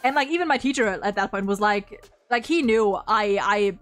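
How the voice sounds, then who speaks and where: A woman's voice: medium pitch, a little fast, faint music behind. A young woman from Germany with a slight German accent, chatting casually on a live stream in a rambling way, with lots of fillers and free swearing.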